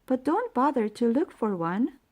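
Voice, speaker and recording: A woman voicing a gentle, curious mother who asks many questions, in a read-aloud storybook. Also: fairly high pitch, big pitch swings, normal speed, voice pushed up.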